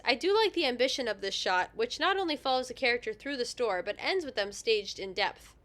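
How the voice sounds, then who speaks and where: A woman's voice: on the high side, bright, forceful tone. A woman co-hosting a podcast, reading a comic episode synopsis with dry, self-interrupting asides. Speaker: podcast co-host.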